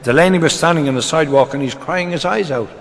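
An older man doing stand-up, telling a run of jokes in a brisk, deadpan storytelling manner. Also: a little high. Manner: brisk deadpan storytelling, dropping into quoted voices. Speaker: comedian. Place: live stage before an audience. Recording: reverberant live hall with crowd. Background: audience laughter.

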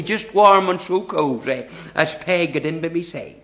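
A man recites a comic poem in a lilting, storytelling rhythm, a little chuckle never far from his voice. His pitch sits somewhat high for a man. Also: measured pace, pushed and bright. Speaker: performer reciting comic verse.

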